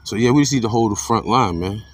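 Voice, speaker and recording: A man giving an informal religious commentary monologue. He is blunt and profane, repeats himself, and swings between fired-up outbursts and low muttering. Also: fast, recorded from a distance.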